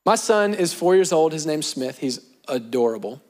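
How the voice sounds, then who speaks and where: A man's voice: a little high, expressive, unhurried, long pauses. A young adult man preaching a sermon, talking in a conversational way with emphatic repeated phrases. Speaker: pastor.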